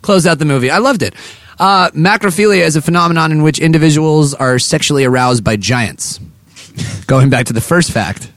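A man's voice: a little high, normal speed, a bit bright, no room sound. A man hosting a comedy show, rambling playfully through his jokes and poking fun at himself. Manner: playful, rambling, self-mocking. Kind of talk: comedic banter.

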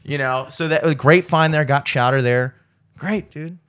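A man's voice: fairly high pitch, normal speed, clean tone. A man from the Baltimore area hosting a podcast, telling stories in loose, profane casual chat full of "like" and "dude". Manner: profane, animated storytelling with many fillers. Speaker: podcast host.

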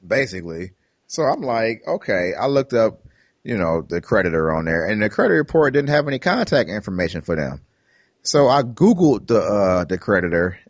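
A man with a low, husky voice chats on a podcast, his pitch swinging widely as he tells his story. He acts out what he said on phone calls. The sound is dry and close, with no room around it. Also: dry recording, muffled recording. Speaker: podcast co-host. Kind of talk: casual podcast chat.

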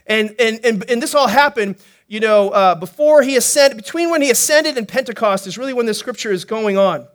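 A male pastor preaching a sermon in an animated, playful way, joking and asking the congregation questions. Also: high voice, moderate pace. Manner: animated, playful preaching with jokes and acted-out quotes.

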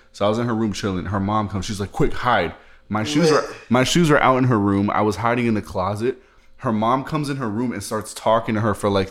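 A young man from the New York area, a podcast guest telling stories in a crude, blunt, animated way. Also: on the low side. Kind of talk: casual podcast chat.

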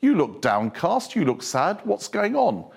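A man voicing a calm, gentle male teacher in a lowered voice while retelling a story in a sermon. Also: unhurried, creaky, slightly rough, exaggerated voice.

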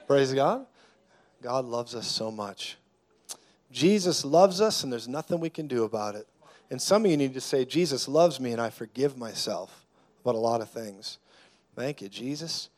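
A man preaching a sermon as a guest preacher, declaring loudly at times and then dropping to a hushed, intense tone, with jokes along the way. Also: medium pitch, animated, moderate pace. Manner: jokey, laughs mid-sentence.

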